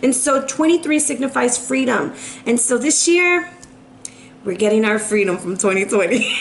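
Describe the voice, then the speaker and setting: A woman's voice: a little high, measured pace, vocal fry, long pauses, slight background noise. A woman giving a monthly tarot reading to camera, chatty and emphatic, often checking in with her listeners. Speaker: tarot reader.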